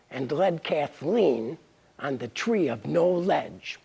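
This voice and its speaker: Woman, gravelly and husky, reading a pun-filled tale, slow and swooping. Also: low-pitched. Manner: playful, pun-laden, lively. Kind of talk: reading her own punning story aloud.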